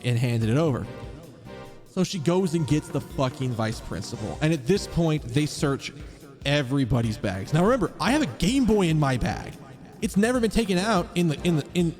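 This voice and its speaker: A man's voice: on the high side, expressive, brisk, a little mellow, soft background music. A man streaming a game, telling a rambling, profane story in a casual way. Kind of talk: casual storytelling while gaming.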